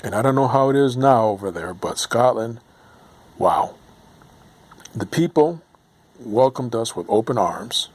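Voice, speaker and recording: A man's voice: medium pitch, expressive, unhurried, pauses often, a little mellow, slightly rough, dry recording. An American man in his late forties talking casually to camera, rambling and hesitant with many ums and restarts. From United States. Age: 40s. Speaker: vlogger. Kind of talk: casual reminiscing monologue.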